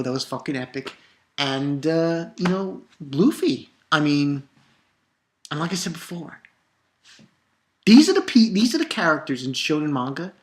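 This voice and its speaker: A woman casually reviewing a manga chapter on video, excitable and profane, rambling with restarts. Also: deep voice.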